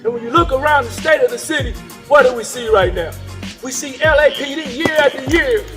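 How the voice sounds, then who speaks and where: Fiery high-voiced man at a rally. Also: a little fast, over music. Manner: fiery, repetitive, keeps asking "right?". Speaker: protest speaker. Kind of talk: rally speech. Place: outdoors at a rally.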